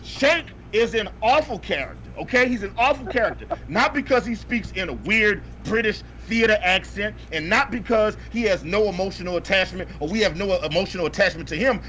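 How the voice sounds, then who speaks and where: High-voiced man ranting about a bad movie. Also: lively intonation, a little fast, few pauses, sharp tone. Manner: exasperated, profane, repeats punchlines for emphasis. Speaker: podcast co-host reviewing movies. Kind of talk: comedic ranting movie review. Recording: dull lo-fi audio with faint noise.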